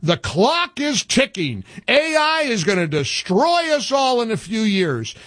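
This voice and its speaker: A man hosting talk radio, ranting in an animated, rapid-fire way with frequent restarts. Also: very high-pitched, no echo. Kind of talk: opinionated talk radio banter.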